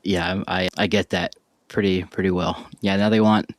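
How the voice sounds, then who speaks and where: A man hosting a podcast interview, talking in a relaxed, rambling way with lots of fillers. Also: low-pitched, normal speed, poor audio. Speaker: podcast host.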